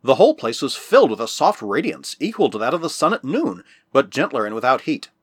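A man reading a novel aloud as an audiobook narrator, in a measured storytelling manner. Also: medium pitch, slightly rough, no echo, studio quality. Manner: measured storytelling with lively rises and falls.

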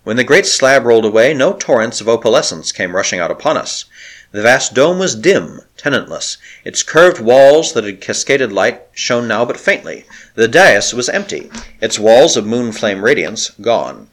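A man's voice: medium pitch, moderate pace. Man narrating an adventure novel with dramatic flair. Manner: dramatic, expressive storytelling. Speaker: audiobook narrator.

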